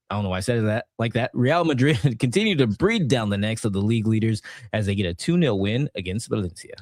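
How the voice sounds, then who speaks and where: A man's voice: mid-range voice, lively intonation, fast, few pauses, no echo, studio quality. A man co-hosting a soccer podcast, reading out results and standings in a playful, sometimes sing-song way. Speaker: podcast co-host. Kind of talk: casual soccer match review.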